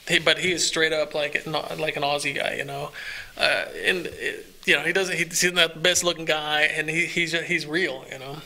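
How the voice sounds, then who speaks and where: A man with a gravelly, sharp-edged voice chats on a podcast, pitched a little high. He rambles with enthusiasm and restarts his sentences again and again. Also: fairly even intonation, moderate pace. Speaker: podcast co-host. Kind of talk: casual chat.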